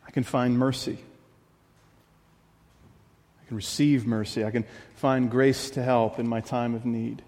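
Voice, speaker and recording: A male pastor delivers a sermon in an earnest, confessional manner, restating phrases as he presses a point. His voice sits at an ordinary middle pitch. A long reverb trails his words, as in a large church sanctuary. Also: steady tone, measured pace, long pauses, a little mellow.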